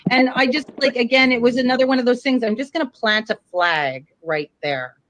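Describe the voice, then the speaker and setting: A woman's voice: on the high side, fairly quick, a bit bright. A woman telling a long story in casual chat, rambling and swearing, with many fillers. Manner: rambling, profane, lots of fillers.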